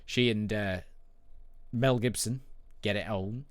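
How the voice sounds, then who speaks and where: Low-voiced dry-humored man. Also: slow pace, dry recording. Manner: dry, wordy, self-mocking; reads on-screen game text aloud. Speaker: podcast co-host. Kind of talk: casual chat over a game playthrough.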